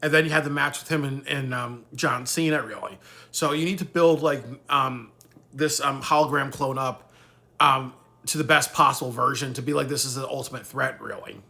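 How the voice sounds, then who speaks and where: A man's voice: medium pitch, normal speed, gravelly, bright, forceful tone. A man talking casually in a rambling vlog, swearing freely and tacking "really" onto his points. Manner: rambling, profane, ends thoughts with "really". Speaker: wrestling commentator.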